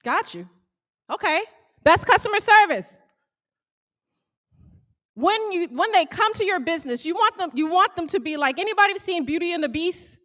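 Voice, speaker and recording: A woman who owns a small bakery gives a motivational talk to a live audience, animated and calling out questions to the crowd. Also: very high-pitched, normal speed, pauses often. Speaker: small bakery owner speaking to fellow business owners.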